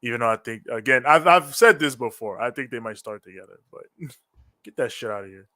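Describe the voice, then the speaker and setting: Casual male streamer, mid-pitched, loose and profane, rambling between laughs, close and dry at a home desk. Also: fairly quick, dry recording. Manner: animated, swears freely, rambling, laughs often. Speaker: co-host of a wrestling reaction show. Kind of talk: casual live-stream chat.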